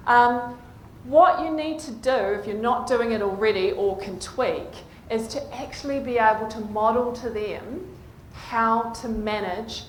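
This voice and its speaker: A woman with a fairly high voice gives a conference presentation, often pausing to check the audience is following. The sound is echoey, as in a large hall, with a faint hiss of background noise. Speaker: clinician speaking at a conference.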